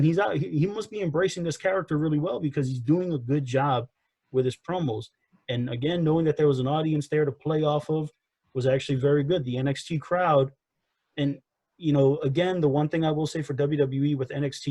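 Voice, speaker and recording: A man whose voice is a little high, dark in tone and edged with breathiness offers his take as co-host of a casual wrestling review podcast. His talk rambles and circles back on itself, peppered with "you know" and "again." There's no echo.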